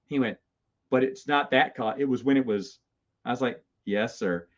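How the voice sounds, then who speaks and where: A man's voice: mid-range voice, normal speed. Rambling middle-aged man telling stories. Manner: rambling, self-amused, with stammered restarts. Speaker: host. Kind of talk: casual storytelling. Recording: slightly dull lo-fi sound.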